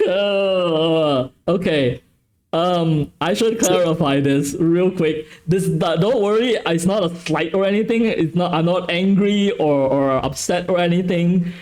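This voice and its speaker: A man's voice: sits high, slow, a little mellow. A man from Malaysia with a westernized English accent, hosting a casual stream chat in a talkative, playfully self-correcting way. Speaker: streamer hosting a tabletop game channel.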